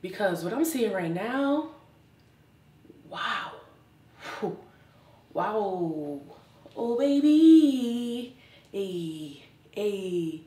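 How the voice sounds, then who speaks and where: A woman's voice: on the low side, drawn-out words, long pauses. Sassy woman vlogger in a roomy room. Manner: sassy, exuberant, says "child" often. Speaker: fashion vlogger. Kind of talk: casual try-on haul chat. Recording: roomy, from a distance.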